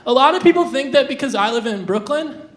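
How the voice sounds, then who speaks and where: A young adult stand-up comedian on a live stage, delivering absurd jokes deadpan with hesitant restarts and lots of fillers. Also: sits high, fast talker. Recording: roomy live venue sound.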